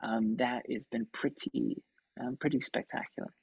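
A man in his thirties from Kansas, a puppeteer telling stories in a casual interview, animated and full of filler words. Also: mid-range voice, moderate pace, breathy edge, no room sound, lo-fi sound. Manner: animated anecdote-telling, acts out quoted voices, many ums. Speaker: puppeteer and actor, guest.

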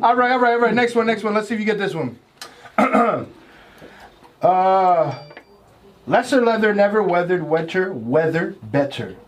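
Host, male, high voice, playful hype man for a casual game night. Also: lively intonation. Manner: playful, laughing, quick hype. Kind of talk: casual party game chat.

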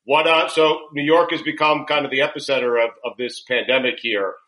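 A middle-aged man with a bright, forward tone hosts a relaxed chat. He sounds friendly and jokey and is quick to laugh. His speech is informal and easygoing. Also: mid-range voice, poor audio. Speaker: radio host. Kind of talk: casual remote chat.

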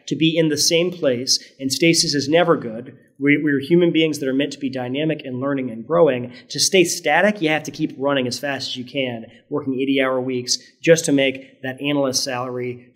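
Here a middle-aged man from Virginia, mostly standard American in accent with just a hint of the South, talks as a podcast interview guest. His mid-range voice holds a steady tone and runs a little fast, with hardly a pause. Earnest and thoughtful, he often starts over mid-thought and keeps adding "right?".

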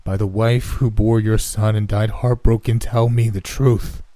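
A man voicing an ancient, withered old nurse who speaks in a hushed, insistent, solemn way. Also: lowish voice, flat delivery, a little slow, no room sound, natural voice.

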